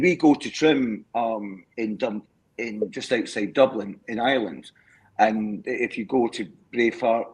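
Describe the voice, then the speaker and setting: A Scottish man with a husky, slightly breathy voice sits in on a live chat over a video call. He is a rambling storyteller who repeats his words and keeps checking in with his listeners. His pitch sits in the ordinary middle range for a man. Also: a little mellow, poor audio. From Scotland. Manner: rambling storyteller, repeats words and asks "do you know what I mean".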